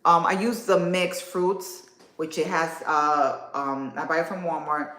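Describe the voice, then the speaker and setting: A woman in her thirties hosting a casual livestream, chatting warmly and answering viewer comments. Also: low-pitched, fairly even intonation, a little slow. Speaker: livestream host. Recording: echoey room.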